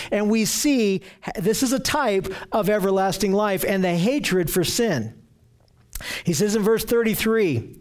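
High-voiced man preaching a sermon. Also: a little mellow. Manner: earnest, repeats words while searching for phrasing. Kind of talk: sermon with scripture reading.

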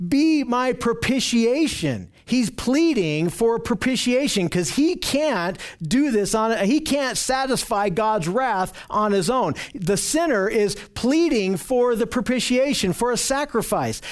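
Guy with a high voice teaching a bible lesson, earnest, restarts a lot.

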